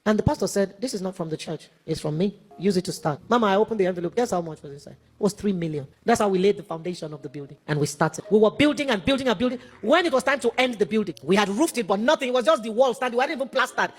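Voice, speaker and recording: A woman's voice: medium pitch, rapid-fire, hardly any pauses, husky. A Nigerian woman in her fifties, a preacher telling a testimony in a sermon and acting out the dialogue as she goes. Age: 50s. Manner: animated storytelling, acts out dialogue.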